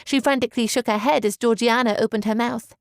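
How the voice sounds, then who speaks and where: A woman narrating an audiobook in a measured, even storytelling manner. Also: a little high, vocal fry, no room sound, studio quality. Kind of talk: scripted narration.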